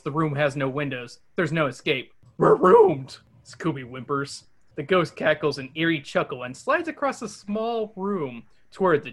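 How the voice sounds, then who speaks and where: A man with a slightly high voice hosts a podcast where he reads a children's adventure story aloud. Along the way he voices the characters and makes animated side comments.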